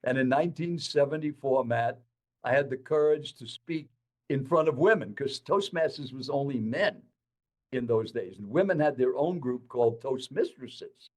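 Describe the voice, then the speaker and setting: A man in his eighties telling his life story to an interviewer in an animated, dramatic way. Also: medium pitch, moderate pace. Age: 80s. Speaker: guest speaker.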